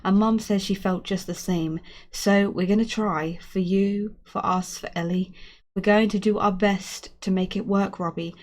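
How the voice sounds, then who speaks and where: A woman voicing a gentle father who speaks softly and pleadingly to his unconscious son, in a storybook reading. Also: medium pitch, fairly even intonation, a little slow, natural voice. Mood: tender. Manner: soft, pleading, tender.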